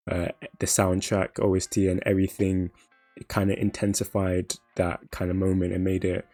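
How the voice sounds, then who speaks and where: A man co-hosting a podcast, reflecting slowly on an anime with many fillers, and steering the talk with questions. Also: low-pitched, warm tone. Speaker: podcast co-host. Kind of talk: casual anime discussion.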